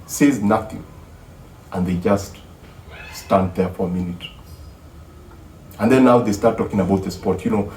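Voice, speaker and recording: A man with a mellow, darker voice casually retells a film's plot and acts out the characters' lines with animation. He sounds distant from the mic in a roomy space, with faint ambience underneath. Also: lowish voice, slight background noise. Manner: animated storyteller who acts out the dialogue. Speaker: film reviewer.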